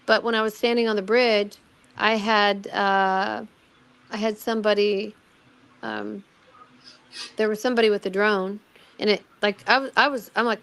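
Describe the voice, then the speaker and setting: A middle-aged woman telling a personal story in casual chat, animated, acting out what people said, with many restarts. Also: medium pitch, moderate pace. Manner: animated, acts out quoted voices, many restarts. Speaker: guest recounting a personal experience.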